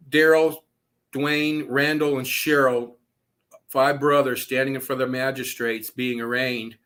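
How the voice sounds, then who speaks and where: Bright-voiced profane storytelling man. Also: mid-range voice. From Southwest Florida. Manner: profane, laughing raconteur. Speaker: podcast guest, author. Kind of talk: storytelling interview.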